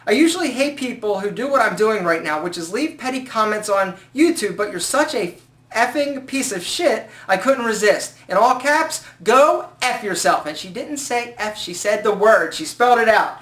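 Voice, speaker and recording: A man's voice: high voice, normal speed. A man giving casual style advice in a joking, sarcastic vlog. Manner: joking, sarcastic, animated asides. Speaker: style vlogger. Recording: echoey room.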